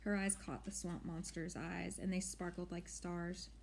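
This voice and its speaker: Mellow-voiced woman reading a story. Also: lowish voice, level tone, unhurried, creaky. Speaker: narrator. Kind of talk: audiobook reading.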